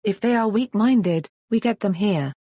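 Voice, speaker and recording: A woman voicing a calm, sinister male sorcerer of darkness in an audiobook story. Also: mid-range voice, breathy edge, no room sound, clean studio sound. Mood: lecturing. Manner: calm, slow, menacing.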